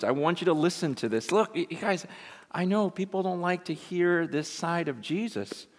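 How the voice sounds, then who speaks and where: Man, pastor, sermon, emphatic, rhetorical questions, slightly high voice, long church reverb. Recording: echoey hall, preached live.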